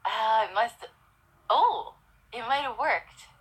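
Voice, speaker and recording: Hiccuping young woman, slow and bright. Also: a little high, lively intonation, husky, rough recording. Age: young adult. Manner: giggly, pleading, slightly tipsy. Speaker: livestreamer. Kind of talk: casual livestream chat. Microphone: phone.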